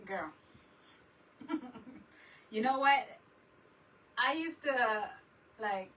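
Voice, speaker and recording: A woman's voice: fairly high pitch, fairly bright tone, recorded from a distance, a little hiss or hum, rough recording. A woman chatting casually on a crafting livestream, laughing often and mixing Spanish words into her English.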